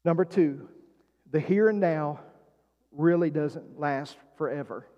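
Preaching slowly in a fairly high voice, a male pastor engages his congregation through calls, questions, and call-and-response prompts. The lo-fi recording carries a long hall reverb.

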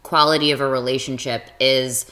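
A woman in her thirties with a low voice, telling candid, profane stories as a podcast guest in casual chat. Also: fairly even intonation, a little fast, bright, forceful tone. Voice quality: low husky voice. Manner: candid, laughing, profane storytelling.

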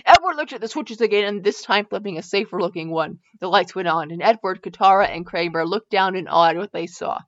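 In a dull lo-fi recording, a fanfiction reader brisk and nearly pause-free reads a parody fan story aloud with a medium-pitched voice. She's clearly amused, correcting herself often as she goes.

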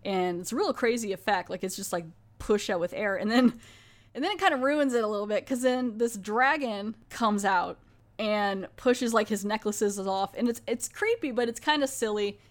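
Brief: woman podcast host, casual recap, chatty with lots of fillers, mid pitch. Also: expressive, normal speed. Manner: chatty, filler-heavy, often restarts.

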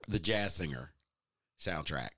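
Deep-voiced male guest, easygoing storyteller, dry close sound. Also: lively intonation, unhurried, pushed and bright, dry recording. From United States. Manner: easygoing, laughs while telling stories. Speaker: musician guest. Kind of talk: casual storytelling interview.

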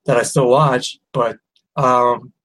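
A man's voice: medium pitch, little pitch movement, slow pace, a bit bright, slight background noise, rough recording. A man in his thirties co-hosting a podcast, trading jokes and strong opinions in casual chat. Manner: joking, irreverent, opinionated. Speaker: podcast co-host.

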